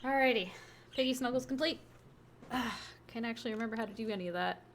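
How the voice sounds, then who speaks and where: Over a wireless headset on her live game stream, a woman chats away quickly in a fairly high voice, with a little hiss or hum in the audio. She's talkative and bubbly, occasionally cooing at her pet.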